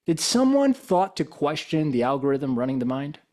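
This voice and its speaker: A man's voice: a little high, big pitch swings, moderate pace, a little mellow. A man giving a motivational talk as a guest speaker, telling stories and pressing his audience with rhetorical questions. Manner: probing, full of rhetorical questions.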